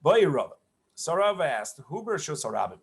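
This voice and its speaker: A man, a rabbi, giving an online Talmud lesson, explaining each passage in an unhurried, halting way with many fillers and restarts. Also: fairly high pitch, big pitch swings, gravelly, a little hiss or hum. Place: home setup, online class.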